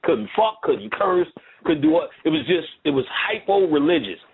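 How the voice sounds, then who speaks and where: A man's voice: on the high side, lively intonation, normal speed, gravelly, a crowd in the background. A man lecturing in casual conversation, telling a rambling, profane story full of asides. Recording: tinny phone-like line.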